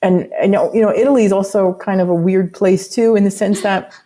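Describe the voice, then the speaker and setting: A woman's voice: medium pitch, steady tone, a little fast, dark tone. A woman, a musician guest chatting on a podcast and explaining things at length with lots of asides. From United States. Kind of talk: casual podcast interview.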